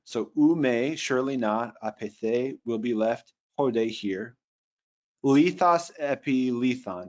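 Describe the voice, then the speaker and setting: Man, casual teacher, talks through ideas with restarts, slightly dull lo-fi sound. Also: mid-range voice. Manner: thoughtful, restarts often, reads phrases slowly. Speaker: Bible translation teacher. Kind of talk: casual lecture.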